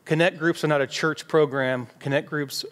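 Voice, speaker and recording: A man's voice: fairly high pitch, steady tone, moderate pace, a bit bright. A man preaching a conversational sermon as pastor, acting out everyday dialogue in quoted voices. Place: church sanctuary. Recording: long hall reverb with faint music behind.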